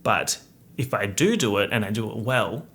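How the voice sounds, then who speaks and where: A man's voice: lowish voice, expressive, normal speed, a bit bright. A young man, hosting a casual solo podcast chat full of playful slang and asides. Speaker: podcast host.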